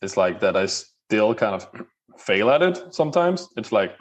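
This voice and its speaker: A man's voice: fairly low pitch, big pitch swings, moderate pace. Hesitant man on dull lo-fi audio. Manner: hesitant, filler-heavy. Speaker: guest in a coaching roundtable. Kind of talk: casual roundtable chat.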